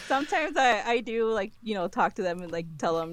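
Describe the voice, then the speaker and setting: A woman in relaxed podcast conversation, her voice sitting at an ordinary middle pitch. She laughs easily and keeps dropping "like" and "you know" as she talks. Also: a little slow, pauses often. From lives in Minnesota. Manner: laughs often, many "like" fillers. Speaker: podcast co-host. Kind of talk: casual chat.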